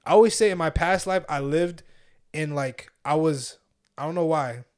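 A man's voice: on the high side, moderate pace, darkish tone, clear, resonant tone, dry recording, studio quality. A young man hosting a podcast in casual chat, with laid-back slangy talk. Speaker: podcast host.

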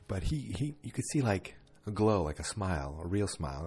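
A man's voice: deep voice, expressive, fairly quick, few pauses, darkish tone, husky, soft background music. A tired man yawning through a chatty, rambling late-night recap of a TV episode, full of fillers.

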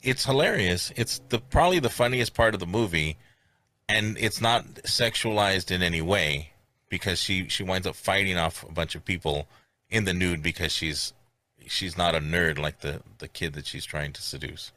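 A man's voice: low voice, normal speed, pushed and bright, no echo. A man hosting a comedy podcast, joking and rambling with restarts. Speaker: podcast host. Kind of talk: casual comedy podcast chat.

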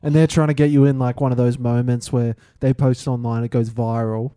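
Laid-back podcast co-host, mellow voice. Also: male voice, medium pitch, level tone, brisk, clear, resonant tone, no echo, studio quality. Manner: laid-back, short reactions, laughs often. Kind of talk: casual podcast chat.

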